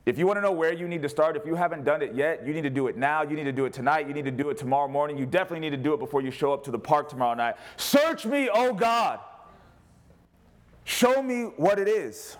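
A man preaching as a pastor, animated, rising to loud cries and dropping to quiet asides. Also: a little high, rapid-fire, few pauses. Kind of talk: sermon.

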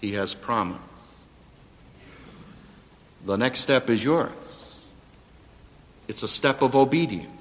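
A man preaching a sermon to a live audience, with dramatic emphasis that rises to near-shouts on quotes. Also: mid-range voice, expressive, slow, pauses often. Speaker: preacher and seminary professor. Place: auditorium before a live audience. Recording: hall reverb, radio broadcast.

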